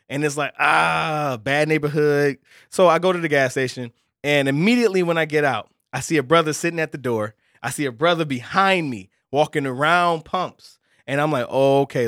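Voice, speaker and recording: A man with a high voice and tells a faith story in casual podcast chat, acting out voices along the way. The recording is dry and close, with no room sound. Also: no room sound. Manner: animated storyteller, acts out voices, laughs often.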